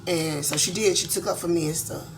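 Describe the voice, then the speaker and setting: A middle-aged woman with a voice set a little low. She talks bluntly and candidly, rambling along with plenty of fillers in a casual vlog, the way a tarot reader chats to her viewers. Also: fast talker, background noise. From Georgia, USA.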